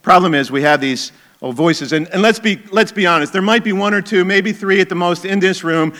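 A man's voice: sits high, brisk, bright, forceful tone. A middle-aged man preaching a sermon as a pastor, conversational and emphatic, with chuckling asides.

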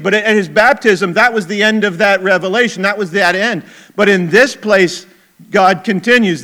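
Bright-voiced conversational male pastor. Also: sits high, moderate pace. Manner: conversational, chuckling asides, emphatic. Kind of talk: sermon.

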